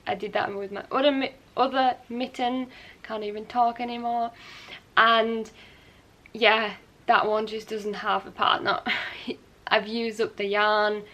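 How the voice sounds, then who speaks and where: A woman's voice: medium pitch, steady tone, normal speed, fairly bright tone, muffled recording. A young woman hosting her knitting podcast, talking casually and rambling a little with light laughs and self-corrections as she shows her work. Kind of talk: casual show-and-tell chat.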